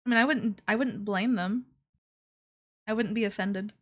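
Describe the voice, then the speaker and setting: A young woman streamer in casual live chat, excitable and loud, laughing often. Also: medium pitch, normal speed.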